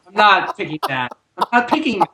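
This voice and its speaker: A man co-hosting a podcast in casual movie chat, talking in an animated way with wry, joking asides. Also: sits high, brisk. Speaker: podcast co-host.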